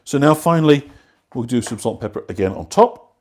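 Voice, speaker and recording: A man's voice: medium pitch, expressive, fairly quick. A man hosting a live cooking class, rambling casually with fillers while he cooks and answers viewers. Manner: rambling, conversational, many fillers and restarts. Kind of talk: live online cooking demonstration.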